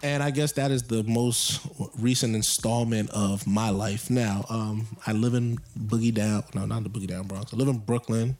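A man's voice: lowish voice, steady tone, normal speed, hardly any pauses, darkish tone. A young man chatting casually on his podcast, joking and going off on rambling rants about his pet peeves. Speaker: podcast co-host. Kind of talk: casual chat.

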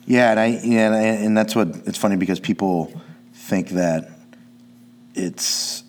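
A man's voice: lowish voice, steady tone, unhurried. A man who coaches jiu-jitsu, chatting casually on a podcast, rambling and swearing, restarting his sentences often.

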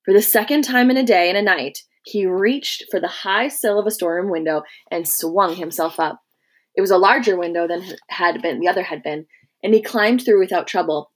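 A woman reading a historical adventure novel aloud in a steady, measured way. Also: on the low side. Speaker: narrator. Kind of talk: storybook reading.

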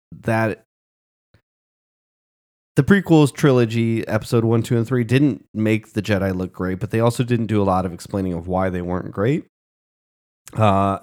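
A man's voice: on the low side, darkish tone. A man retelling a show's story in casual commentary, passionate, indignant and emotional. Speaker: show recapper.

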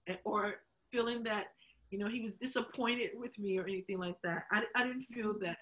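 A woman's voice: medium pitch, fairly even intonation, normal speed, a bit bright. A woman co-host telling a personal story in candid conversation, laughing often, acting out quotes and getting choked up as she talks. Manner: emotional, chokes up while telling it. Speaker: show host sharing her story.

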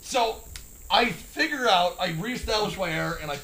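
Excitable profane man telling a story. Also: high voice, moderate pace, reverberant, slight background noise. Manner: profane, excitable, acts out quotes loudly. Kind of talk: casual storytelling podcast.

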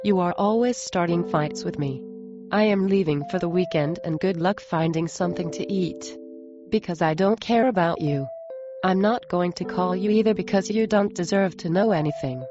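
A woman's voice: fairly low pitch, moderate pace, lightly acted. A woman playing a cold, contemptuous wife. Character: cruel, contemptuous wife insulting her husband. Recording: muffled sound with music behind.

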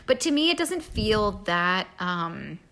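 A woman co-hosts a casual podcast and talks frankly as she weighs in with advice. Her pitch swings widely and expressively. She laughs easily with her co-host. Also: sing-song, slow pace, fairly bright tone. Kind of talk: casual chat.

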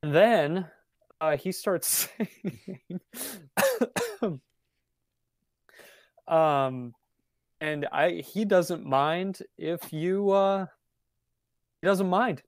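A podcast co-host chatting casually at an unhurried, halting pace, full of fillers and quick laughs. The voice sits close and dry, with no room around it. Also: mid-range voice, dry recording. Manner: hesitant, with many fillers and frequent laughter. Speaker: podcast co-host reviewing an album. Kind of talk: casual chat.

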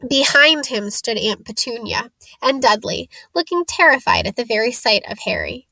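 A woman's voice: a little high, animated, normal speed, creaky, pushed and bright, dry recording. Woman reading a story aloud, dry sound. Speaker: reader.

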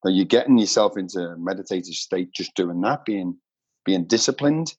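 A man's voice: low-pitched, expressive, normal speed, darkish tone, breathy edge, highs cut off. A man speaking earnestly and reflectively as a guest in a casual conversation. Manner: earnest, reflective, builds up emphatically.

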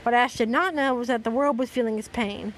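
A woman with a fairly high voice reads a story aloud, narrating in a plain way between dry, sarcastic asides. The tone shifts easily between storytelling and wry remarks. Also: fairly quick, a little hiss or hum, low-quality recording. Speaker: host reading fan fiction aloud. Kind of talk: dramatic reading with sarcastic commentary.

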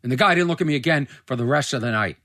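A man's voice: mid-range voice, lively intonation, racing, fairly bright tone, no echo, clean studio sound. A man hosting his own show, telling rambling stories in a casual monologue full of fillers and restarts. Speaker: comedian podcast host.

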